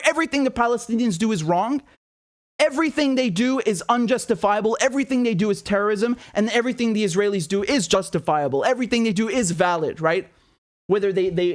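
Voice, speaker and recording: A man hosting political commentary, indignant and passionate, firing off one rhetorical question after another. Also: sits high.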